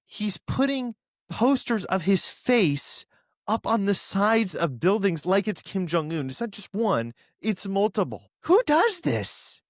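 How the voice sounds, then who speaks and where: A man's voice: high voice, big pitch swings, slow pace, no echo, clean studio sound. A man co-hosting a political commentary show, talking in a sarcastic, indignant way.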